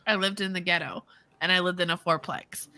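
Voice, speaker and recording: A woman's voice: lowish voice, fairly even intonation, brisk, pushed and bright. A woman co-hosting a casual chat, telling stories with lots of laughter and swearing. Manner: laughing storyteller, swears freely. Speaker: podcast co-host.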